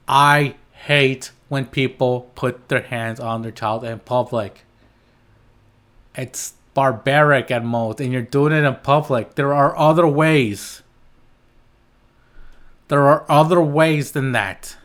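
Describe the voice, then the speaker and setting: A man of middling pitch rants alone on his podcast, heated and blunt. He rambles, restarts his sentences and swears freely as he pushes his point. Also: a bit bright. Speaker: podcast host. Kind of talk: solo podcast rant.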